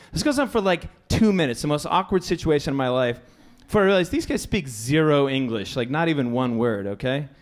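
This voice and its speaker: A middle-aged man doing a stand-up set in a comedy club, rambling and self-deprecating, with bursts of shouting. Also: a little high.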